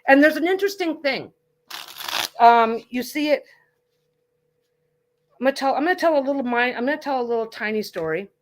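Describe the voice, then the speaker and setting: A woman's voice: high voice, expressive, brisk, pauses often, a little hiss or hum. A woman hosting a livestreamed tarot reading, chatting casually in a reassuring, rambling way with frequent restarts. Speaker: tarot reader and livestream host.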